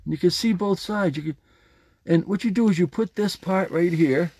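Male podcast host, husky and mellow, playful and animated in casual motivational talk. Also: sits high, normal speed, dry recording. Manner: animated, playful, demonstrating a jaw harp.

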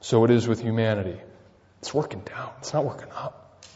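A man preaching a sermon, peppering it with rhetorical questions and swinging between loud emphasis and quiet asides. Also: mid-range voice, fairly quick. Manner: rhetorical, keeps asking "right?". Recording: dull sound with long reverb.

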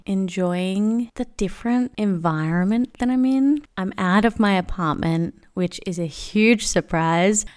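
A woman's voice: mid-range voice, clear, resonant tone. A young Australian woman hosting her own podcast, talking to listeners in a chatty, upbeat solo style. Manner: chatty, upbeat, self-deprecating. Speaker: podcast host. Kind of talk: casual solo podcast chat.

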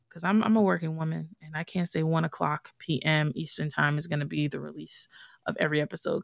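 A young adult woman hosts her own podcast, chatting candidly and casually as though talking to a friend. Her voice sits fairly low with a creaky edge and a fairly bright tone. The recording is clean studio sound with no echo.

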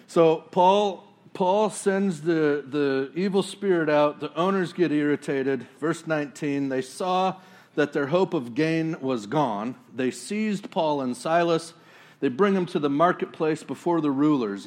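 A man preaching a casual sermon, talking it through conversationally and acting out quotes in a lively way. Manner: conversational, acts out quotes with sudden high jumps and laughs. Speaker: pastor.

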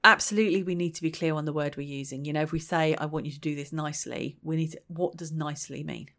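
A woman talks in a relaxed, reflective way, thinking aloud as she goes. Her voice sits fairly low. She slips into little acted-out quotes to make her points. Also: quick pace. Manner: chatty, thinks aloud, acts out quoted lines. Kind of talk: reflective solo talk.

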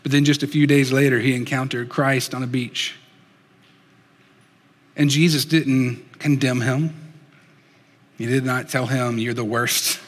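A man's voice: medium pitch, fairly even intonation. Earnest male preacher in a reverberant hall. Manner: earnest, dropping soft and slow for emphasis. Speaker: pastor. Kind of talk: sermon.

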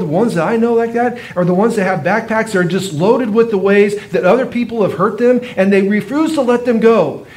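A man's voice: high-pitched, darkish tone. A man giving a sermon as a pastor, teaching in a conversational way and often asking his listeners rhetorical questions.

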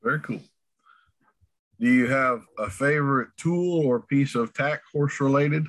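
A man's voice: mid-range voice, measured pace, fairly bright tone. A man hosting an interview, asking short questions in a playful, upbeat way. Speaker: interview host. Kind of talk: rapid-fire interview questions.

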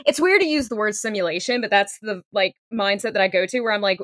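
A woman's voice: medium pitch, animated, fast, fairly bright tone, no room sound, studio quality. A woman co-hosting a podcast, casually sharing her take on a film, thinking aloud with lots of "like". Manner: thinks aloud, frequent "like" and laughs. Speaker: podcast co-host.

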